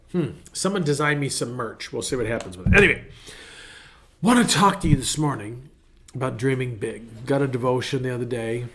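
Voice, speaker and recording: A man's voice: mid-range voice, gravelly. A middle-aged male pastor giving a casual, rambling devotional talk in a folksy way. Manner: rambling, folksy, self-interrupting.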